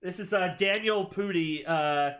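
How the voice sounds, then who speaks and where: A woman streaming a game, chatting casually in an excitable, exclamatory way with casual swearing. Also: fairly low pitch, measured pace.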